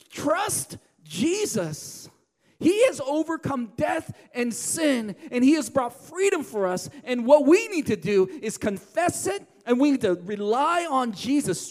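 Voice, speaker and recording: A man preaching a sermon as pastor, swinging from loud emphatic lines to hushed, quiet ones. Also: extremely high pitch. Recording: long hall reverb.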